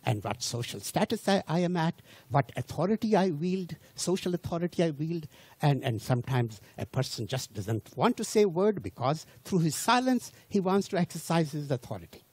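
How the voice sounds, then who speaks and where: An older man lecturing to a general audience, his first language Hindi. His fairly high voice carries a slight huskiness. He talks in an animated, wandering way, pausing to toss out rhetorical questions and restart his sentences. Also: husky, no echo.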